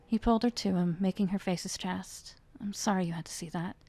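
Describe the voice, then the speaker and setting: A woman's voice: medium pitch, fairly even intonation, brisk, dark tone. A woman reading aloud a chapter of her own fantasy novel, lifting her voice for the characters' dialogue. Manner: reads the characters' lines with rising emotion. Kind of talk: dramatic fiction reading.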